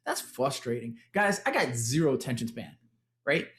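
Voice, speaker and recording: A man's voice: medium pitch, sing-song, moderate pace, a bit bright. A man in his forties with a Texan accent, telling his fitness story with energy to an audience he keeps calling "guys". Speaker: former tech executive sharing his testimonial. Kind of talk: motivational testimonial talk.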